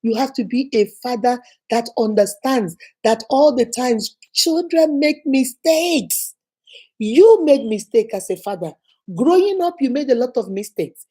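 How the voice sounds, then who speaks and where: A woman's voice: on the high side, animated, unhurried, dark tone, husky. A woman hosting an inspirational channel, giving an emphatic, repetitive, preacher-like motivational talk and acting out quoted speech.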